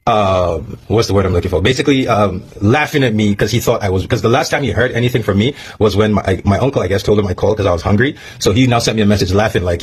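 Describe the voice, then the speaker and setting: A man's voice: fairly low pitch, lively intonation, fast talker, hardly any pauses, a little hiss or hum. A man telling a personal story to camera in a blunt, profane way, repeating lines for emphasis. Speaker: vlogger.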